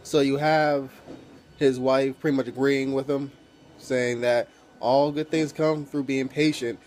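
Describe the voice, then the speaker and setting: A man's voice: medium pitch, flat delivery, a little slow, a little mellow, slight background noise. A man casually recapping a TV episode as a reviewer, rambling with many fillers and swearing freely.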